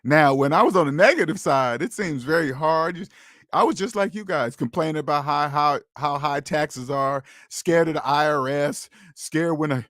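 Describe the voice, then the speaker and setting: A man with a somewhat high voice talks straight to his viewers on a casual livestream. He lectures with emphatic, preachy repetition. The sound is close and dry, with no room around it. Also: normal speed, fairly bright tone, no echo. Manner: emphatic and preachy, repeats phrases, addresses viewers directly. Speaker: host of a personal finance livestream.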